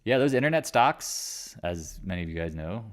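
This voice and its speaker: Male live-stream market host, forties, from North Carolina; lowish voice, blunt, profane, rambling. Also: big pitch swings, normal speed. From Raleigh, North Carolina. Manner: blunt, swears, trails off and restarts.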